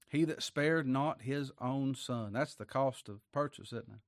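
A man preaching a sermon. He reads scripture aloud, rises to emphatic peaks, then drops low for quiet asides. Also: slow, pauses often, dry recording, studio quality.

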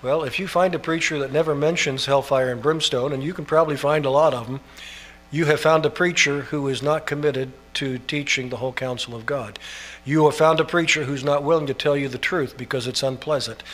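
A pastor preaching a sermon in an earnest way, building up to emphatic, almost shouted passages. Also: male voice, a little high, steady tone, brisk.

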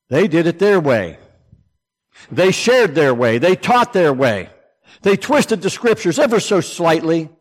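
A man preaching a sermon, swinging between loud, emphatic declarations and low, hushed asides. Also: big-room sound.

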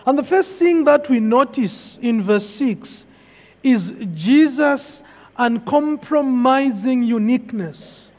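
A man's voice: very high voice, lively intonation, takes it slowly, darkish tone. A man preaching a sermon, emphatic and repeating key phrases for weight. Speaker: pastor. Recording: long hall reverb.

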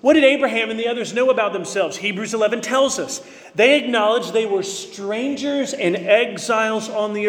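Male pastor, high voice, earnest emphatic sermon, echoing church hall. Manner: earnest, emphatic preaching with slow stressed phrases.

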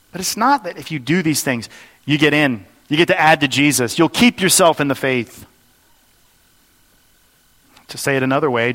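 A man preaches an earnest, explanatory sermon, his voice sitting a little higher than most men's. He works through the text and poses rhetorical questions to the congregation. His words ring out with a long reverb in a church sanctuary. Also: a bit bright. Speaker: pastor. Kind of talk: expository sermon.

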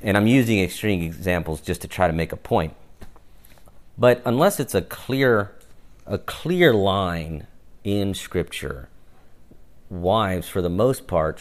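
A very deep-voiced man preaching a sermon in a relaxed, conversational way. He tends to close his points with a quick "right?" and slips into brief acted-out exchanges along the way. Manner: conversational, often adds "right?" to each point; acts out little quoted exchanges in passing.

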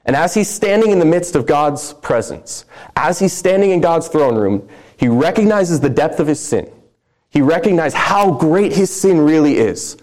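A man's voice: a little high, expressive, moderate pace, a little mellow. A man preaching a sermon, reading scripture aloud with earnest emphasis.

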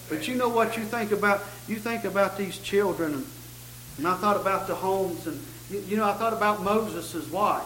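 High, bright-voiced man preaching a sermon. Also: normal speed, reverberant, a little hiss or hum, rough recording. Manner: repetitive stammering restarts, folksy rising emphasis. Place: church sanctuary.

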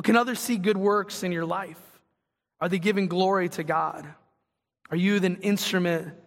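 A man's voice: high voice, a bit bright, in a large hall. A man preaching a sermon as pastor, earnest and conversational, building to passionate emphasis.

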